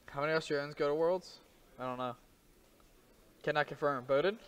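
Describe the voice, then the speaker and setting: A man's voice: on the high side, clean tone, highs cut off. A man doing casual, joking live-stream commentary on a card game match. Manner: joking, rapid banter with laughs.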